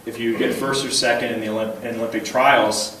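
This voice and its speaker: A man's voice: medium pitch, brisk, slight background noise. Chuckling man telling stories in an echoey hall. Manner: animated, chuckling often, repeats words when starting a thought. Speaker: banquet keynote speaker. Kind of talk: humorous personal storytelling speech. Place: large banquet hall. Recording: very echoey hall, voice heard from a distance.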